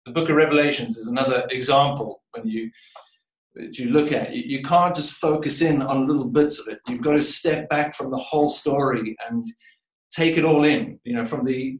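In an echoing sanctuary, a preacher with a middle-pitched voice reads scripture and gives a reflective sermon, circling his ideas and restarting or repeating words along the way. The microphone catches him from some distance.

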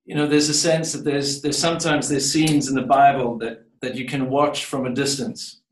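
A man delivers a scripture reading and sermon in a reflective, circling manner, restarting and repeating words as he works toward each point. His voice sits at a middle pitch. It carries from some distance across an echoing church sanctuary. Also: flat delivery, normal speed. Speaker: preacher. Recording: echoey room, voice from a distance.

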